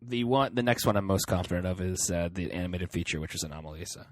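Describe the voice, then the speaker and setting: A man co-hosting a casual podcast, talking quickly and eagerly. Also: sits low, no room sound, clean studio sound. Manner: quick, animated, laughs often. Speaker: podcast co-host. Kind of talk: casual chat.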